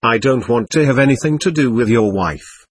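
Man voicing a stubborn angry male spirit, husky, spiky up-and-down delivery, read from a séance transcript. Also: mid-range voice, lively intonation, moderate pace, no echo, studio quality. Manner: defiant, threatening, scornful. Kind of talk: reading a séance transcript aloud.

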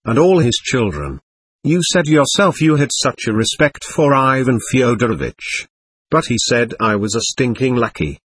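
A man's voice: mid-range voice, fairly bright tone, husky, dry recording. A man reading the part of a sullen, scornful young male servant who speaks in a curt, resentful way, in an audiobook.

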